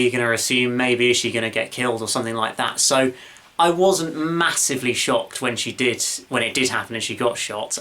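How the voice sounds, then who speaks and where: A man's voice: mid-range voice, sharp tone. A man hosting his own video channel, reviewing a TV episode in a casual, gushing and enthusiastic way. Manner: enthusiastic, gushing, with many fillers and restarts.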